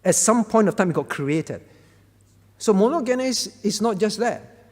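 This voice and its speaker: A man teaching a Bible question-and-answer session as pastor. His voice sits high for a man. He explains step by step, often checking that his listeners follow, and a long reverb from the hall trails after his words. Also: expressive, a little slow.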